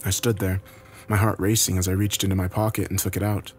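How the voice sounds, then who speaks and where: A man narrating a horror story in a grave, steady way. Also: low voice, fast talker.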